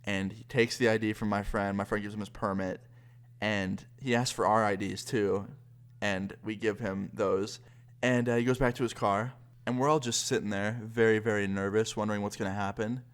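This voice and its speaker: Young guy, casual storytime vlogger, chatty, lowish voice. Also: fairly even intonation, normal speed, smooth. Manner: chatty, lots of fillers like 'like'.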